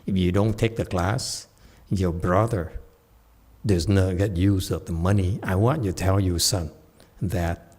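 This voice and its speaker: A man's voice: deep voice, fairly even intonation, measured pace, a little mellow. Playful male meditation teacher. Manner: playful, laughs often, checks in with "okay?". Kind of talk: Buddhist dharma talk. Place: meditation center.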